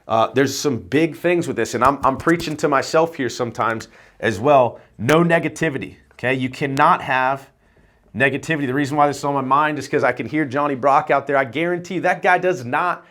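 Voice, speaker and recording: A man's voice: mid-range voice, fairly quick, fairly bright tone. A man who runs an insurance agency, talking casually to camera and coaching agents in a loose, rambling way, often tagging "right?" on his points. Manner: casual, swears offhand. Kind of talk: casual vlog talk.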